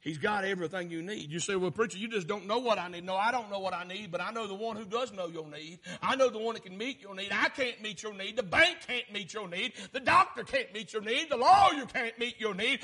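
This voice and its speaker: A man preaching a fervent sermon, swinging from shouted lines down to low, quiet ones. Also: expressive, fairly quick, hardly any pauses, slightly rough.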